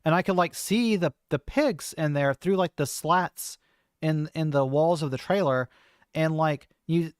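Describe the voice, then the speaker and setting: A woman's voice: low-pitched, a little slow, darkish tone, no room sound. A trans woman streamer talking in a casual, hesitant monologue, full of fillers and restarts, into a close desk mic. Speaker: streamer host.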